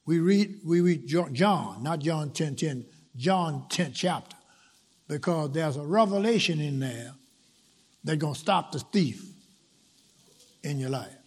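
A man preaching a sermon. He is emphatic, repeats phrases for rhythm, and swings from loud, stressed lines to hushed asides. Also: a little high, lively intonation, measured pace, long pauses, breathy edge.

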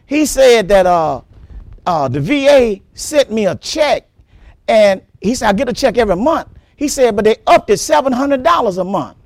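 High, lively preaching pastor. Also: male voice, a little slow, creaky, dry recording. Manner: animated preaching, repeats words, laughs often, exclaims praise. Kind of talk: sermon.

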